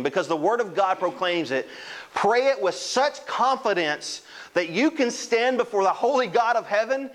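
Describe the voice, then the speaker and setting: A man's voice: high voice, poor audio. A man preaching a sermon as a pastor, earnest and emphatic.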